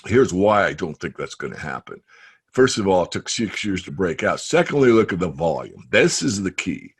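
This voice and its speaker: A man with a low, husky voice talks animatedly as a guest on a trading webinar. He tells stories and makes his points with emphasis. The audio comes through a webinar call. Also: very animated, moderate pace. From United States. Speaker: guest trader. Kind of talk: casual interview.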